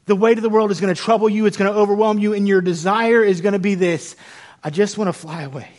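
Pastor, man in his 30s, high voice, lively and chatty from the pulpit with jokes at his own expense. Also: fast. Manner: animated, conversational, self-deprecating humor. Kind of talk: sermon.

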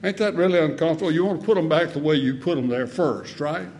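A man preaching a sermon in a folksy way, asking the congregation questions and swinging between loud emphasis and soft asides. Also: a little high, fast talker.

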